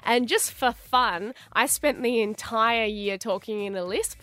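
A woman's voice: on the high side, measured pace, bright, forceful tone, dry recording. Playful woman radio host. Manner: playful, giggly storyteller. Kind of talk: casual radio banter. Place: radio studio.

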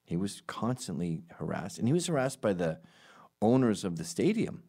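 A man with a very low voice that still swings widely in pitch, riffing through a comedic monologue. He rambles and undercuts himself with dry, sarcastic asides. When he quotes other people, he jumps into loud, high voices. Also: big pitch swings, moderate pace.

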